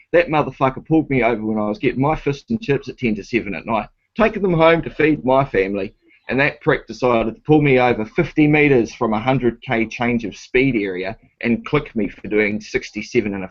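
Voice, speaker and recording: A husky-voiced man, ranting and argumentative as he tells his story and swears freely. His voice sits at an ordinary pitch. The recording sounds dull and lo-fi. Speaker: guest telling a story. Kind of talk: casual storytelling.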